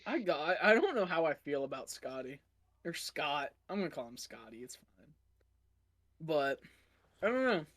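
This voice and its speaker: A woman's voice: sits low, very animated, moderate pace, pauses often. A woman co-hosting a podcast, chatting animatedly about horror films and laughing often. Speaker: podcast co-host. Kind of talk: casual film discussion.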